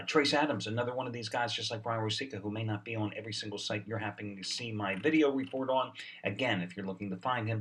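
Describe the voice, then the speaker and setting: A man's voice: lowish voice, fairly bright tone, recorded from a distance. A man giving a sports betting video report, salesy and sarcastic, with a lot of "uh" fillers, short on sleep.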